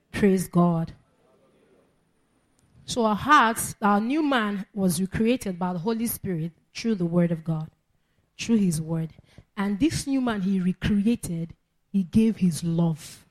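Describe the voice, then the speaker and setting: A woman preacher, giving an emphatic sermon and repeating her key phrases. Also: mid-range voice. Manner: emphatic, repeats phrases, laughs between points.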